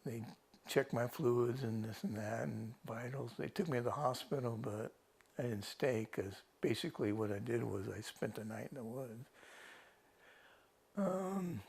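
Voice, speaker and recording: A man with a gravelly, creaky voice tells a TV reporter how he was rescued after getting lost on a hike. He rambles casually, restarts sentences and quotes what he thought at the time, in a voice of middling pitch. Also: a little slow, darkish tone. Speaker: rescued hiker interviewed by a TV reporter. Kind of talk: casual first-person account.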